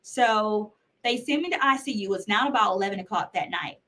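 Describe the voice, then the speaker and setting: A woman's voice: mid-range voice, expressive, brisk, sharp tone. Woman telling a story with acted-out quotes. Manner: earnest storytelling, acts out quoted voices. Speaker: podcast guest. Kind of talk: personal story in interview.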